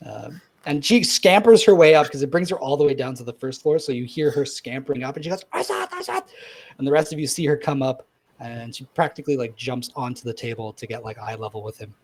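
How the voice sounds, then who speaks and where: A man narrating as dungeon master in a loose, rambling way that leans on filler words. His voice is husky and sits at a middling pitch. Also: fast talker. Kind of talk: narrating a tabletop game.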